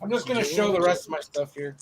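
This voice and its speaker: A man hosting a live stream, chatting casually and excitedly about comic books. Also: high voice, fast talker, a crowd in the background. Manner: enthusiastic, slangy, exclaiming. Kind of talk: casual chat.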